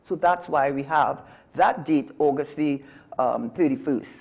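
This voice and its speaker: A woman's voice: low voice, unhurried, darkish tone. A woman with a Trinidadian accent giving emphatic political commentary as a talk show guest, often correcting herself mid-sentence. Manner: emphatic, argumentative, frequent self-corrections.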